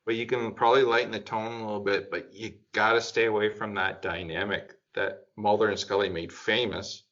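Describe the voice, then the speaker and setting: A man talking in a relaxed group chat, thinking out loud with plenty of "um" and "like". He gets enthusiastic as he goes. The sound is dull and lo-fi. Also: fairly low pitch, brisk. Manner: enthusiastic, rambling with fillers. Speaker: podcast panelist.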